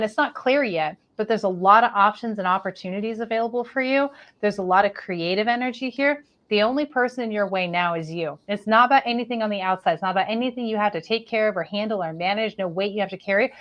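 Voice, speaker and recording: Female psychic reader, calm and reassuring, gentle repetitive delivery. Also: medium pitch, muffled recording. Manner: soothing, reassuring, repetitive phrasing. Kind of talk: live spiritual reading.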